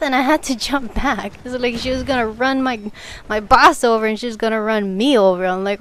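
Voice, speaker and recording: A woman's voice: on the high side, moderate pace, slight background noise. A young woman chatting casually over gameplay, telling work stories and giggling often. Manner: giggly, laughs through her stories. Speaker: gaming video commentator. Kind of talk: casual gameplay commentary storytelling.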